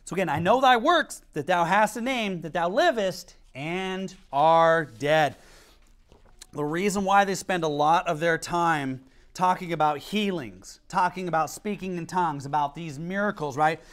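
A man's voice: on the high side, measured pace. A man preaching a sermon as pastor, telling stories animatedly and reading scripture aloud. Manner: animated storytelling, acts out quotes, reads scripture.

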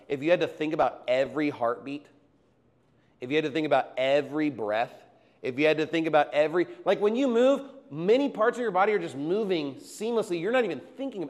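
A male pastor preaching a sermon in a conversational way, reading scripture and acting out everyday quotes. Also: on the high side.

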